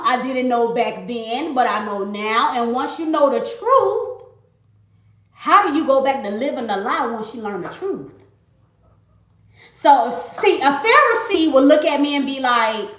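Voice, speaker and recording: A woman's voice: sits high, expressive, moderate pace, fairly bright tone. Emphatic woman in her late twenties, roomy. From Miami. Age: late 20s. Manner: emphatic, repetitive, talks to viewers as y'all. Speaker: livestreamer. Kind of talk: casual faith testimony livestream. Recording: roomy echo.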